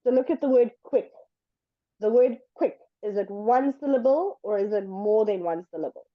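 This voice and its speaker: Teaching English in an online lesson, a woman of medium pitch speaks slowly and with patience, deliberately drawing out words to model them. There's no room sound, and the audio is dull.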